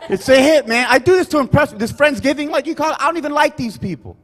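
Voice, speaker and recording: A man performing a rambling, loud stand-up set, forever adding "you guys" and "right?". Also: very high-pitched, animated, fast talker, long reverb tail. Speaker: stand-up comedian. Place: comedy club stage.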